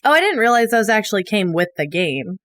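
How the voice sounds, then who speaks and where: A woman's voice: medium pitch, big pitch swings, brisk, fairly bright tone. A woman chatting and laughing at a tabletop game, thinking aloud as she describes a card. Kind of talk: casual chat at the game table.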